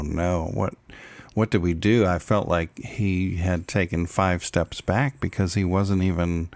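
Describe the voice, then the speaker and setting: A man's voice: deep voice, smooth, dry recording. A middle-aged man co-hosting a parenting podcast, talking in an earnest, reflective way and laughing easily. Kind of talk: casual chat.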